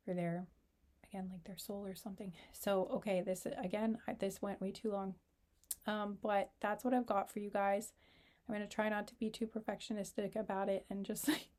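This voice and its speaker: A woman talking through a tarot reading with a mellow, darkish tone. She rambles and restarts, reaching for the right word, and her voice is wearing thin, so she keeps it low and close to the microphone. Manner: rambling, searching for words with many "like"s and restarts. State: losing her voice. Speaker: tarot reader. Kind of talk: casual tarot reading to camera.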